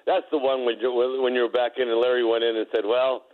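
A man, a former player, tells a story in a halting, chuckling way, stumbling over his words. His voice comes through dull, lo-fi broadcast audio. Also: medium pitch, little pitch movement. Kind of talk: casual storytelling.

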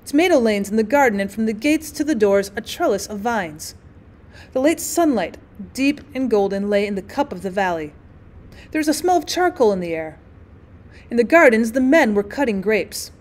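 Lively woman reading a classic story. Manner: expressive reading, voicing the dialogue with lively pitch. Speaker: teacher reading aloud.

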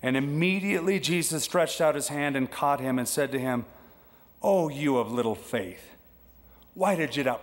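A man preaching a sermon as pastor, lively and conversational, acting out the voices he quotes. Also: moderate pace. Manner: animated, acts out quoted voices with big pitch jumps. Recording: long hall reverb.

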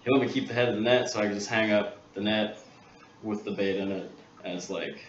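Low-voiced man telling a story in a roomy workshop. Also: fairly quick. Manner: animated storyteller, acts out others' lines. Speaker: guest angler. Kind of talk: casual storytelling. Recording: roomy, dull, distant mic, faint hiss.

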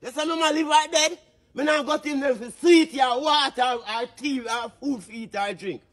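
A man with a Jamaican accent talking heatedly in patois, pressing his points and demanding agreement. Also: extremely high pitch. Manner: emphatic, rapid-fire, keeps demanding agreement. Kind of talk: heated street talk in patois.

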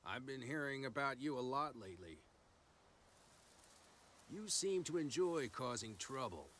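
An actor playing a stern police chief in a video game, speaking in a dry, accusing tone. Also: male voice, medium pitch, big pitch swings, measured pace, a bit bright.

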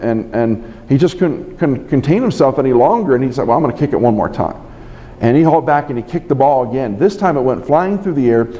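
Earnest preacher in a reverberant hall. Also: male voice, medium pitch, mellow. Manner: earnest storytelling with repeated restarts. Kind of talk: sermon. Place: library conference room.

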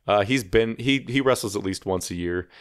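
A man with a very deep voice talks casually on a podcast, explaining with wry asides and frequent swearing. His delivery stays relaxed and conversational throughout. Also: normal speed, clear, resonant tone. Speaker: podcast co-host. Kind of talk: casual chat.

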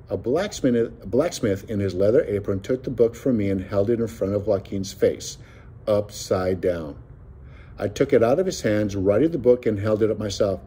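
A man reading a novel aloud with expressive storytelling. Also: on the low side, normal speed, breathy edge. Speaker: audiobook reader.

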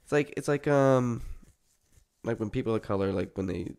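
A man's voice: mid-range voice, moderate pace, gravelly, a little mellow. A man co-hosting a podcast, chatting bluntly and swearing casually. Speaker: podcast co-host. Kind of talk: casual chat.

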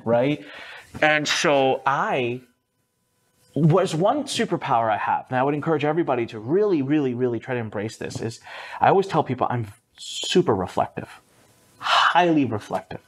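A man of about thirty tells his life story as a podcast guest. His voice is mid-pitched and very animated. It jumps high whenever he quotes other people, and his tone stays casual throughout. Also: moderate pace. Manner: lively, swings up high for quoted voices, mild swearing. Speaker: guest entrepreneur.

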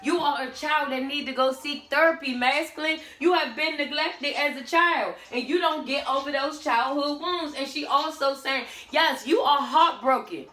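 A woman's voice: high-pitched, moderate pace, few pauses, pushed and bright. A woman giving a blunt, sassy tarot reading in casual chat. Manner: sassy, blunt, talks back to the cards. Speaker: tarot reader. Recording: roomy echo with faint music.

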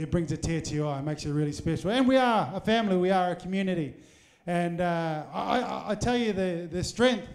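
With a high voice and a darkish tone, a man emcees a live supporters' evening in a full hotel function room, handheld mic in hand. He rallies the audience with humor and playful teasing asides, and a faint crowd of supporters sits in the background.

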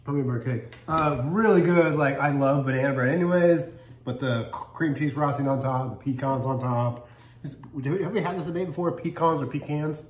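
A man whose voice sits on the high side, speaking at normal speed, runs a casual cookie-tasting channel. He chats cheerfully while chewing as he reviews, and the echoey room carries faint background noise.

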